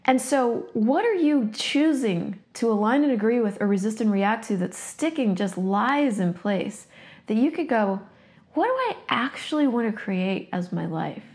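A woman's voice: on the high side, sing-song, a little slow, a little mellow. A woman speaking as a facilitator in a blunt, emphatic motivational monologue, swearing freely and reading passages aloud from a workbook. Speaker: coaching facilitator.

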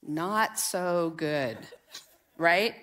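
Woman pastor preaching with lively asides. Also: on the low side, drawn-out words. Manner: conversational, animated storytelling with audience participation. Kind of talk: sermon. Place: church sanctuary.

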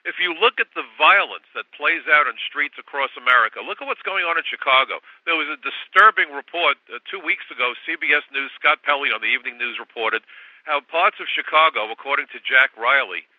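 A man's voice: on the high side, lively intonation, fairly quick, dry recording. An older man in his sixties argues his point with insistence and some sarcasm as a talk radio guest. His voice comes through a thin, tinny phone line. The sound is dry, with no room around it. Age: 60s. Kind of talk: political talk radio interview.

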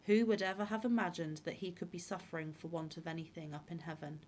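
A woman voicing a silly old farm widow in a storybook tale, gushing and eager, her voice sitting on the low side. She sounds simple and trusting. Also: fairly even intonation, quick pace, darkish tone, a little hiss or hum, natural voice. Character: foolish, delighted old peasant widow.

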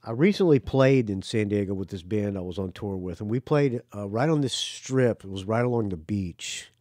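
A man's voice: on the low side, expressive, normal speed, mellow, no room sound, clean studio sound. A man hosting a podcast in casual chat, rambling and teasing his guest. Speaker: podcast host.

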